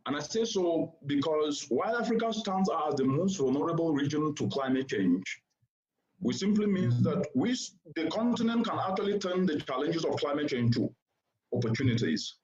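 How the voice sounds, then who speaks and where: A man's voice: a little high, sing-song, normal speed, darkish tone. A man giving a formal keynote address to a seated audience, speaking in an oratorical, emphatic way and repeating points for stress. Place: conference venue before a seated audience. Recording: roomy, slightly dull sound.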